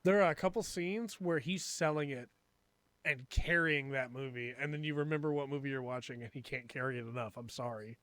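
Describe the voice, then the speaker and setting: A man's voice: medium pitch, fairly quick, a bit bright. A man co-hosting a podcast in casual chat, joking and wry in his remarks. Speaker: podcast co-host.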